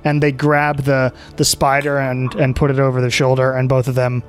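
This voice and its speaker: A man narrating as game master in a relaxed, halting way, full of fillers, over faint music. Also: mid-range voice.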